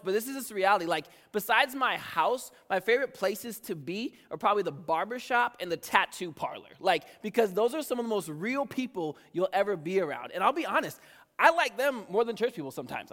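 A man in his thirties giving a casual, joking sermon as pastor, animated and conversational. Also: sits high. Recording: reverberant hall.

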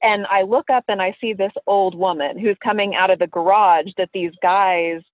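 A woman's voice: mid-range voice, fairly even intonation, normal speed, no echo. A woman calling in to a podcast, telling a story casually and animatedly, laughing often. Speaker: listener caller. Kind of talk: casual storytelling over the phone. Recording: tinny phone line, dry.

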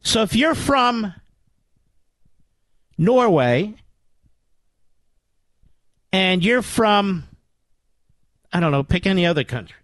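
A man's voice: high-pitched, lively intonation, slow, long pauses, a bit bright, dry recording. An older man from the Philadelphia area hosting a political talk radio show, delivering an indignant, sarcastic monologue.

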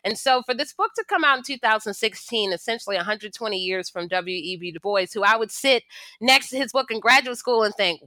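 A woman's voice: a little high, a little fast, no echo. A woman historian answering interview questions, telling stories and acting out the voices she quotes. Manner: animated storytelling, acts out quoted voices. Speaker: historian and author, interview guest.

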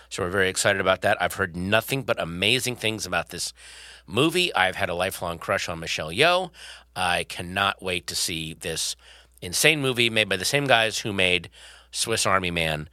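Man, podcast co-host, casual chat, animated, bright tone, dry close sound. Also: low-pitched, no room sound. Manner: animated, rambling, playful.

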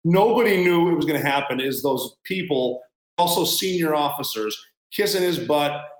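A man's voice: on the high side, animated, moderate pace, echoey room, poor audio. A man in an interview as a former military guest, talking bluntly and sarcastically in a rambling casual way.

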